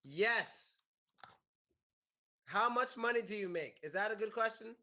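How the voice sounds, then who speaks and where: An American man teaching a class, animated and repeating his questions to the students. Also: high voice, a little slow, pauses often. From United States. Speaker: English teacher. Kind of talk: classroom lesson.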